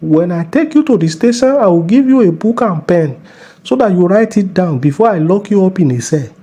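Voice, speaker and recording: Man playing a Nigerian police officer, bullying, mocking, dark husky tone. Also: high voice, lively intonation, brisk. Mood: scolding. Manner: scolding, mocking, bossy. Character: bullying middle-aged male traffic cop. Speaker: police officer character in a comedy skit.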